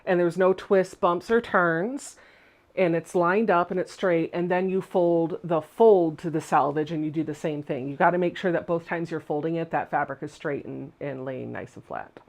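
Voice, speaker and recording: A woman's voice: lowish voice, normal speed, darkish tone. Woman host from Virginia, casual home sewing livestream, talkative, self-correcting. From Virginia, USA. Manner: chatty, laughs easily, corrects her own wording mid-sentence. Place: home sewing room, indoors.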